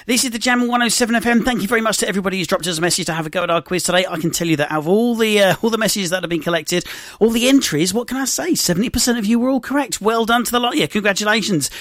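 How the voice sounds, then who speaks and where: A male radio presenter who talks very fast in a high voice, chatting cheerfully about the day's quiz. His studio microphone sound is close and dry. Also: fairly bright tone, no room sound. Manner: upbeat, chatty, rapid-fire. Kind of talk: radio show links.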